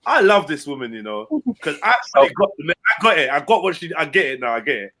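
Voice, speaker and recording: Animated man telling a story. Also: fast. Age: middle-aged. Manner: animated storyteller, acts out quotes with big pitch jumps. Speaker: host. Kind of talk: casual chat, storytelling.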